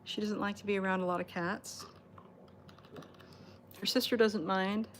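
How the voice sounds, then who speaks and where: A woman's voice: mid-range voice, steady tone, normal speed, a little hiss or hum. A woman hosting a cat rescue livestream indoors, chatting casually with viewers, laughing often and cooing at the cats.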